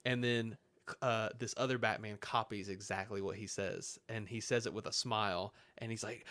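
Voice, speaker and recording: On a casual podcast, a male co-host recaps a comic book with lots of animation and frequent laughter. His voice is fairly low and moves at a normal speed.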